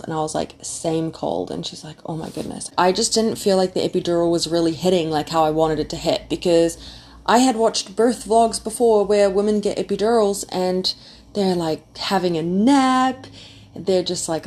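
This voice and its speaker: A young woman casually telling her birth story, animated and full of "like" fillers. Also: lowish voice. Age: young adult. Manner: chatty, animated, many "like" fillers.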